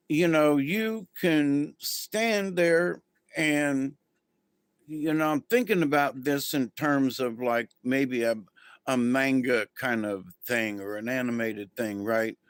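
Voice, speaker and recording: A man's voice: on the high side, no echo. A man hosting a casual spiritual livestream, talking to viewers in a rambling, easygoing way with many ums and restarts. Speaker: spiritual channel host.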